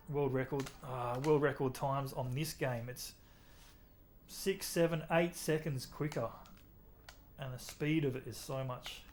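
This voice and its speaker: A young Australian man with an Australian accent keeps up a casual, talkative chat with his stream viewers as he plays a racing game. He sounds relaxed, and his voice is mid-range.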